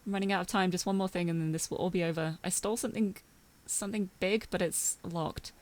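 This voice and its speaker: A woman's voice: lowish voice, fairly even intonation, quick pace, a little mellow, a little hiss or hum, lightly acted. Woman reading a scared woman on the run. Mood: urgent hushed. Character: anxious young woman hiding, a hacker on the run.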